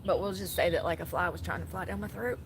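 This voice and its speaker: A woman's voice: fairly low pitch, fast, noisy background. A woman giving blunt, sassy casual commentary, laughing often.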